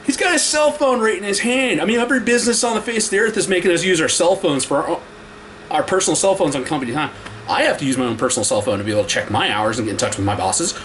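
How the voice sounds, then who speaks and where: A man vents in a casual vlog rant, his voice sitting high and swinging widely up and down as he tells the story with exasperated energy. A faint hiss sits under the recording. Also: a bit bright. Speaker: vlogger.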